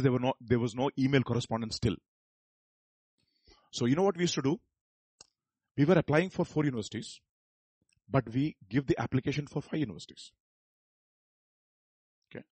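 A man's voice: mid-range voice, darkish tone, husky, no room sound. A middle-aged man with an Indian Telugu accent preaching a sermon as pastor, telling stories with quoted voices and building to emphatic peaks. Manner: storytelling with acted quotes and chuckles, rising to emphatic peaks.

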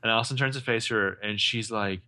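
Bright-voiced man in casual chat. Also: on the low side. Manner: chatty, laughs often, quick asides. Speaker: podcast co-host.

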